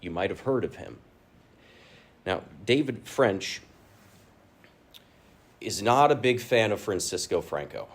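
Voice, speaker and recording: A man giving a formal lecture as guest speaker, measured and wry, with dry humor. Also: lowish voice, very animated.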